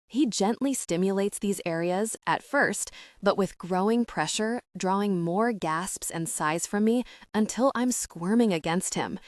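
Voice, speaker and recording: A woman narrating a first-person romance audiobook in a soft, intimate way. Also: medium pitch, dry recording, studio quality.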